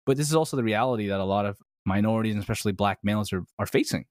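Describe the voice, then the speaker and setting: An enthusiastic man chatting on a podcast, his talk full of "like" and "man". His voice sits a little low. The recording is dry and close to the mic. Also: very fast, dry recording. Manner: enthusiastic, heavy use of "like" and "man". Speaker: podcast guest, ministry podcaster. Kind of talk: casual podcast discussion.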